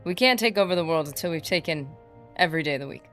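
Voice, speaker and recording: A woman livestreaming a game, chatting excitedly and casually with her viewers. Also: deep voice, fast, faint music behind. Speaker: streamer. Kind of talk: casual livestream gaming chat.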